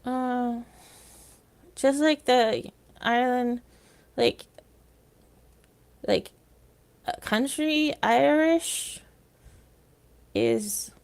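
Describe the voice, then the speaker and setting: A woman's voice: high-pitched, extremely slow, long pauses, darkish tone. A woman livestreamer chatting casually with viewers, rambling and sometimes trailing off into whispers.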